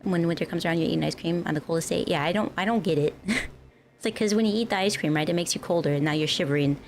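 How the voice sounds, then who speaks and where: A woman's voice: fairly low pitch, very fast, darkish tone, a little hiss or hum. A young woman from the northern United States, chatting casually with her stream viewers in a rambling, giggly way. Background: faint music.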